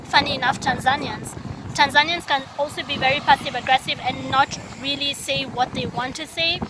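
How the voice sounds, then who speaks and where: A woman from Kenya telling a story in a casual vlog, chatty and animated, laughing often, recorded outdoors by a busy road near the sea. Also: sits high, moderate pace. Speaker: vlogger. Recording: noisy outdoor street ambience.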